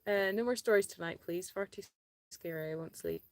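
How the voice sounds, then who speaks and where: A woman co-hosting a casual live chat, soft-spoken and giggly, reading out viewer comments. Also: mid-range voice, a little fast.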